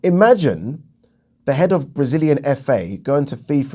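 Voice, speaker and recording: A man's voice: mid-range voice, very animated, normal speed, mellow. Indignant man ranting about boxing. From England. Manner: indignant, repetitive, emphatic, swears. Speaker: boxing commentator. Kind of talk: opinion vlog rant.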